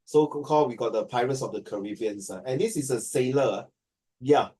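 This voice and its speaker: A man's voice: mid-range voice, fairly quick, dark tone, far from the mic. A man from Singapore with a Singaporean accent, teaching a class in a joking way and mixing English with Chinese.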